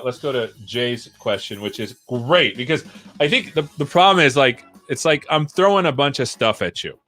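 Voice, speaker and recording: A man's voice: medium pitch, pushed and bright. A man hosting a live coding stream, explaining as he thinks aloud and often checking in with "right?". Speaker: livestream coding host.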